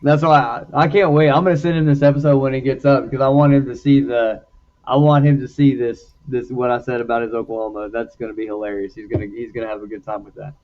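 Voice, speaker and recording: A man in a casual sports chat, lively and talkative as he makes his picks. His voice sits in a middle register. The sound is a little dull and lo-fi. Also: medium pitch, quick pace. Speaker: podcast co-host.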